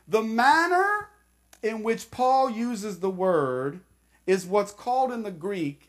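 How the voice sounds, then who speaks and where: A woman pastor preaching a sermon to her congregation, slow and emphatic, repeating key phrases. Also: a little high.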